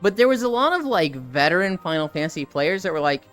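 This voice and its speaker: A woman streamer telling a casual story on a live stream, animated and swearing freely. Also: lowish voice, quick pace, faint music behind. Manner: animated, profane anecdote-telling.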